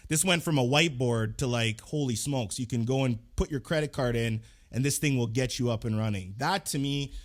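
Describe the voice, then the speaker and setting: A man hosting a podcast interview, talking in an energetic, emphatic way and often repeating himself. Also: medium pitch, a little fast, few pauses. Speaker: podcast host.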